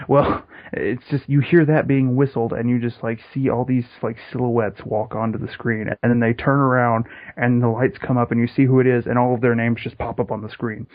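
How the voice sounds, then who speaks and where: A man's voice: mid-range voice, level tone, a little fast, hardly any pauses, dry recording. A man co-hosting a podcast in casual comedic chat, rambling with many restarts over dull lo-fi call audio. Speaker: podcast co-host.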